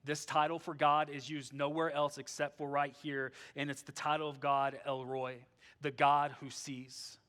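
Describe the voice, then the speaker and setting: Male pastor, high bright voice, casual sermon style, eager then hushed. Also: flat delivery, normal speed, clean tone. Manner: conversational, full of "like", moving between eager and hushed tones.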